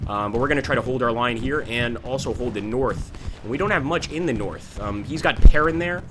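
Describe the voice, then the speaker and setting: Against some background noise, a young American gaming channel host talks a little fast in a mid-range voice. His let's-play commentary is casual and chatty, thick with fillers, as he reads chat and narrates the game.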